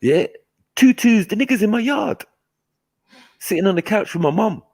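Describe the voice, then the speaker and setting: A man telling stories in a casual chat, animated and slangy, laughing often. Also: high-pitched, moderate pace, no room sound. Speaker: host.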